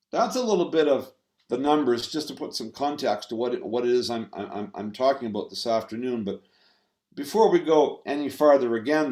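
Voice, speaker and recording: A man giving a talk on stress management to an audience, halting and full of fillers and restarts. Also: medium pitch. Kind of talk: presentation talk. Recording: roomy echo.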